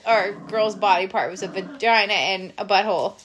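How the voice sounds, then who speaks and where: A woman's voice: mid-range voice, a little fast, fairly bright tone. A woman co-hosting a podcast in casual chat, giggly, reading aloud from a book. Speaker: podcast co-host.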